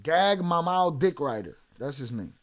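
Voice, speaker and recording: A man's voice: fairly high pitch, animated, measured pace. A man, streaming and heatedly berating a viewer in chat, swearing hard. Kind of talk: angry livestream rant.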